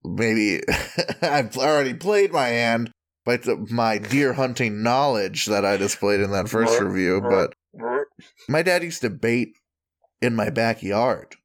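A man co-hosting a casual comedy podcast, telling stories in an animated, joking way. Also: takes it slowly. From Wisconsin. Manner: animated, jokey storytelling with bursts of high-pitched bits. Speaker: podcast co-host.

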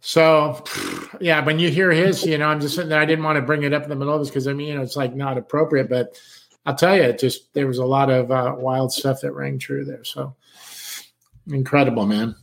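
A man's voice: medium pitch, fairly even intonation, a little fast, gravelly, fairly bright tone. A middle-aged man from San Diego telling a long personal story in casual chat, acting out other people's lines and swearing casually. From San Diego, California.

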